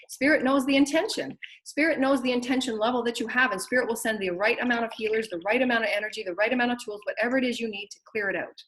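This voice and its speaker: A woman hosting a spiritual show, urging listeners in an earnest way, repeating phrases and laughing softly. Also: a little high, fast, few pauses, low-quality recording. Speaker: spiritual teacher and show host. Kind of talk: spiritual guidance monologue.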